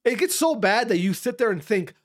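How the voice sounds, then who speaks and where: A man in his thirties from Wisconsin, hosting a solo podcast with a somewhat high voice. He rants casually and swears a lot, and his nose sounds congested from allergies. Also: brisk. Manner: profane, ranting, animated. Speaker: podcast host.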